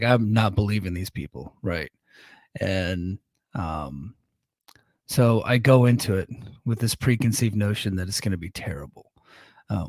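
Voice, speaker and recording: A man's voice: on the low side, a little mellow, no room sound. Rambling man hosting a wrestling podcast. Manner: rambling and self-correcting, with many ums and restarts. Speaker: podcast host. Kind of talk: casual wrestling recap chat.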